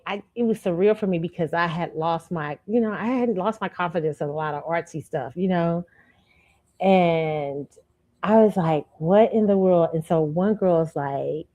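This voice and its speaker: A woman host with a lowish voice, chatting through a personal story. She talks in a lively, animated way and keeps turning to her listeners as y'all. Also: muffled recording. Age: adult student. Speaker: show host. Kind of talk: casual storytelling commentary.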